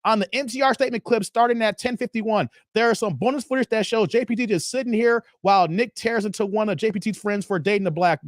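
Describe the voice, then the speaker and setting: A man's voice: sits high, quick pace, few pauses. A middle-aged man hosting a livestream, reading chat comments and joking loosely with viewers.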